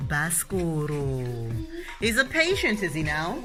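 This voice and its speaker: Woman, young mum, playful home lesson, animated, animal noises, faint music. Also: low-pitched, slow pace. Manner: animated, sing-song, makes animal sounds. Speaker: parent teaching Shona words. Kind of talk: playful home teaching with toys.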